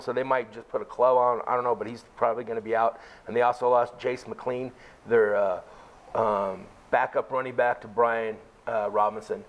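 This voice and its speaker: A man's voice: medium pitch, poor audio. A man on a podcast chatting casually about college football injuries and betting picks, rambling with lots of fillers. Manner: rambling, full of fillers and asides. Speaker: podcast co-host. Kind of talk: casual sports betting chat.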